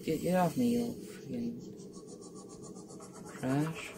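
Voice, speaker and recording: A gamer in casual gameplay commentary, muttering playfully to themselves and to the game, with sudden excited outbursts. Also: mid-range voice, unhurried, slight background noise. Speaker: gamer playing a survival game.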